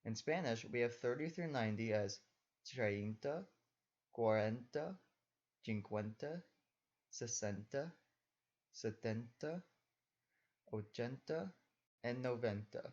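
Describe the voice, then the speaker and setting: A man's voice: mid-range voice, expressive, takes it slowly, pauses often, a little mellow, highs cut off. A young man giving a recorded lesson, patiently explaining step by step as a teacher.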